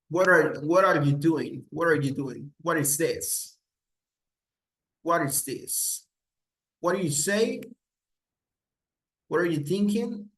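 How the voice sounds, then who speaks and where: A man takes an English class through a grammar lesson. He speaks in an unhurried, drawn-out way and repeats every example sentence several times. His voice sits a little high for a man. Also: a bit bright, poor audio. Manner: slow, repeats each example several times, switches between English and Spanish. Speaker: English teacher.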